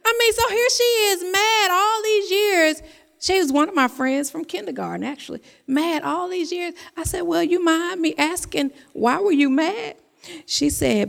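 A woman's voice: extremely high pitch, a little slow, creaky, fairly bright tone, long reverb tail. A woman preaching a sermon in a church, talking to the congregation and repeating her phrases. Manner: conversational preaching, repeats phrases, tells personal stories.

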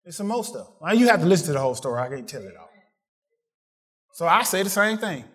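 A man preaching a sermon, asking the congregation questions and swinging from excited peaks to quiet asides. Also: quick pace. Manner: call-and-response preaching, rising to excited peaks then dropping low.

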